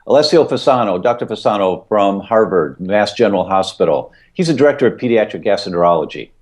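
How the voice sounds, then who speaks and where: A man's voice: lowish voice, expressive, fast talker, darkish tone. Middle-aged guy guest explaining stuff on a podcast, really emphatic, voice goes up and down a lot. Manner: emphatic, repeats key points with vivid analogies. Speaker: guest expert.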